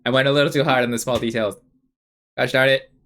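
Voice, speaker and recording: A man's voice: medium pitch, steady tone, quick pace, fairly bright tone. Rambling, self-mocking young man streaming. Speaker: live streamer. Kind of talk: casual chat while drawing.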